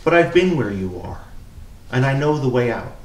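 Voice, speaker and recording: A loyal friend speaks steadily and reassuringly, as a preacher briefly voices him. The voice echoes around a church and is heard from a distance. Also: male voice, medium pitch, lively intonation, normal speed, lightly acted. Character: calm loyal male friend.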